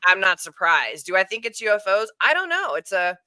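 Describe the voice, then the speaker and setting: A woman co-hosting a casual chat show from home, chatty and quick to laugh, often trailing off mid-thought. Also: medium pitch, very animated, sharp tone, dry recording. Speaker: podcast co-host. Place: home room.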